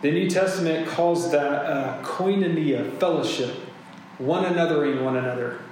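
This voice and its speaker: A male pastor gives a sermon in a relaxed, conversational tone, slipping in chatty asides. His voice sits a little high and echoes heavily around a large room. A faint hum runs underneath. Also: moderate pace. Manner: casual, conversational preaching with asides.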